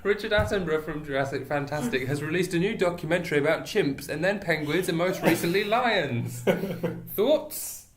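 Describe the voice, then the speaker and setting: A man in his twenties co-hosts a casual chat, giggling and poking fun at himself. His voice sits a little high. The room around him has a roomy echo. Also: animated, normal speed. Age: 20s. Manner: joking, giggly, self-mocking. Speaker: podcast co-host. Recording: echoey room.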